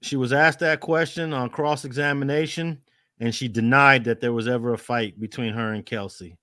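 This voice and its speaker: A man on a live panel, recounting trial testimony in a measured, matter-of-fact way. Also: medium pitch, fairly even intonation, sharp tone, no echo, studio quality.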